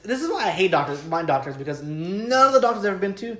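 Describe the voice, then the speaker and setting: A man in casual, profanity-heavy chat, telling animated stories about shots and needles. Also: high-pitched, fast. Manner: swears constantly, animated storytelling. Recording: echoey room.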